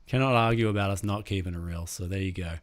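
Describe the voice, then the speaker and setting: Australian man, tech host, casual live-stream chat, slangy, relaxed. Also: deep voice, quick pace. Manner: laid-back, slangy, lots of "like" and "dude". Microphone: streaming mic, remote call.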